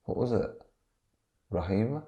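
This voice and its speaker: A man's voice: lowish voice, lively intonation, measured pace, mellow, highs cut off. A man with a Yorkshire accent, co-hosting a podcast and rambling through an improvised comedy story. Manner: rambling, laughs at own jokes. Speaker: podcast co-host.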